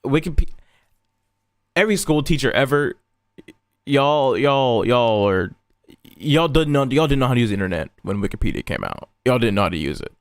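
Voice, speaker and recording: Lively-voiced young man, dry sound. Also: mid-range voice, moderate pace, dry recording. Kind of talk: casual podcast chat.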